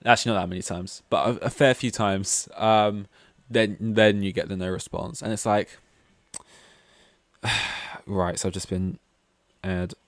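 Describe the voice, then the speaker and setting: A man talks through a casual solo podcast in a rambling, candid way, often poking fun at himself. His voice sits somewhat low. The sound is dry, with no room echo. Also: fairly even intonation, normal speed. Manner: rambling, candid and self-deprecating. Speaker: podcast host.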